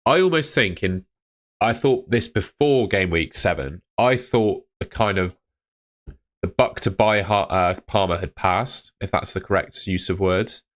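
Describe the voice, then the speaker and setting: A laid-back young man talks in a low voice. He sounds chatty and easygoing as he reads viewer messages aloud during a live stream. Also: a little slow, a bit bright. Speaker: fantasy football streamer. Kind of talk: casual live-stream chat reading comments.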